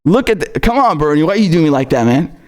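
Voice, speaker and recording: A man's voice: on the high side, sing-song, quick pace, darkish tone. A man hosting a livestream of political commentary. He reads viewer messages and rants angrily, with lots of swearing. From outside the United States. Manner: angry, profane ranting with laughter.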